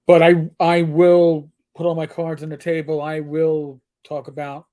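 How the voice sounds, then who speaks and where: A man's voice: on the high side, monotone, measured pace, dark tone. An older man with a New York accent co-hosting a live stream, talking candidly in a rambling, swearing way. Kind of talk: casual live-stream chat.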